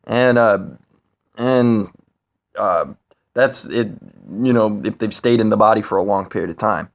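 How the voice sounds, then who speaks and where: Rambling, cursing man vlogger. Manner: rambling, profane, many fillers and restarts; rises higher and louder when worked up. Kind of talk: casual monologue.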